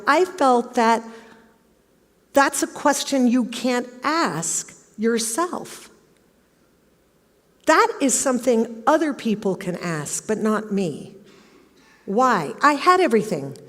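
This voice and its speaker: A middle-aged woman giving a motivational talk on stage, telling a personal story and acting out the questions she quotes. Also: on the high side. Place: large auditorium. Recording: long hall reverb.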